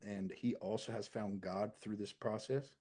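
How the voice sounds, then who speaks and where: A man in his forties, a podcast guest talking earnestly in casual chat, often dropping to a hushed voice. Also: fairly low pitch, fairly even intonation, a little slow, breathy edge. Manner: earnest, swings from loud to hushed.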